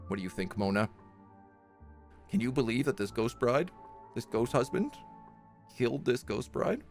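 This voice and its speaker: A man streaming a game, reading its story text aloud in a measured way and chatting softly to his cat between passages. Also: mid-range voice, animated, vocal fry, soft background music.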